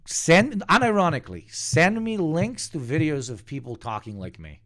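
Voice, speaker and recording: A man from the Balkans with a slight Slavic accent, a squeaky voice with deep undertones, chatting and joking on a stream and swearing freely. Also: lively intonation, moderate pace, a bit bright. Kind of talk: casual stream chat.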